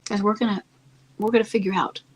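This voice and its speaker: A woman giving marriage-coaching advice in a soft, calm, often near-whispered delivery that stays earnest and reassuring. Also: mid-range voice, fast, slightly rough, low-quality recording. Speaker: marriage coach answering a listener's question. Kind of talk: advice talk.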